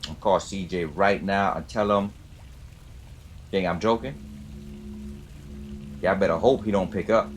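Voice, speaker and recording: A man's voice: low voice, measured pace, pauses often, soft background music. A man live-streaming a game, chatting casually and swearing while he teases his chat from his home gaming chair. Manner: hyped, profane, teasing his chat. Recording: noisy background.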